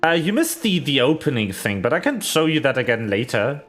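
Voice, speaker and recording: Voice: medium pitch, sing-song, fairly quick, a bit bright. A VTuber streamer giving rambling, chatty commentary while playing, full of fillers and small laughs. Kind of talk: casual game stream commentary.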